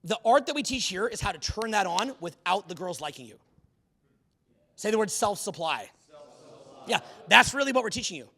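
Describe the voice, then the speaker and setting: A man giving a live seminar talk to an audience, animated and profane, firing questions at the crowd. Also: high-pitched, moderate pace, long pauses, a little hiss or hum. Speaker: seminar speaker. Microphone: unamplified handheld mic.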